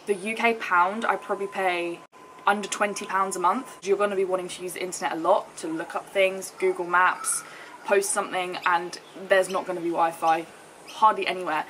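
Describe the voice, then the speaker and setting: A woman's voice: fairly low pitch, steady tone, brisk, a bit bright, a little hiss or hum. Chatty young British woman, travel vlog. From United Kingdom. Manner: chatty and upbeat, lots of likes and fillers. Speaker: travel vlogger. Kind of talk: casual chat to camera. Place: outdoors in the sun, later indoors.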